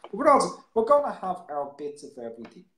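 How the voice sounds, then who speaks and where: A man's voice: high-pitched, wildly swooping pitch, fast talker, a bit bright. Chatty man hosting a live poetry show in an echoey room. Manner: rambling, repeats words, restarts often. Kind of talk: casual live-stream chat.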